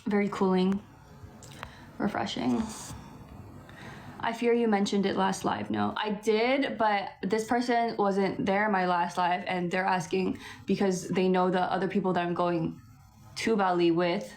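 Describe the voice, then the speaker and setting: A woman's voice: mid-range voice, steady tone, measured pace, vocal fry, a little mellow. Chatty young West Coast Canadian woman. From Vancouver, Canada. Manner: chatty, laughs often, fills with "like". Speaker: livestream host. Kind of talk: casual livestream chat answering comments.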